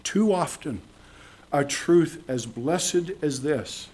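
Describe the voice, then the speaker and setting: A man preaching a sermon to his congregation, earnest, repeating phrases for emphasis and dropping from emphatic lines to hushed ones. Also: a little high, animated, takes it slowly, slightly rough. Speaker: pastor. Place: church service.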